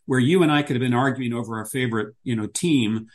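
A man's voice: medium pitch, fast. A man who is a podcast guest, explaining ideas at length and returning to his key phrases. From United States. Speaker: guest, business strategist. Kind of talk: podcast interview.

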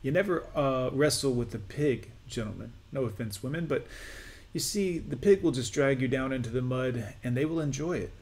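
Male host, sarcastic reaction commentator, mid-pitched, mocking delivery. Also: normal speed.

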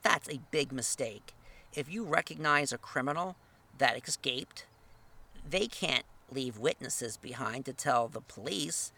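A man's voice: expressive, unhurried, gravelly, bright, forceful tone. A man teaching literature, talking through a short story in a loose, conversational way and reading quoted lines aloud. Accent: Northern US. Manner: conversational, tag questions, reads quotes aloud with lifted pitch.

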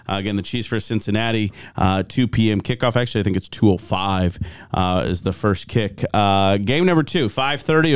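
A man's voice: medium pitch, clear, resonant tone, no echo. A man co-hosting a sports podcast, chatting casually about football games. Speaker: podcast co-host.

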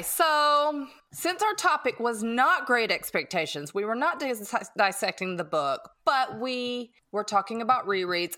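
A woman's voice: mid-range voice, a bit bright. A woman co-hosting a book podcast in casual chat. She is chatty and often says "like.". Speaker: podcast co-host.

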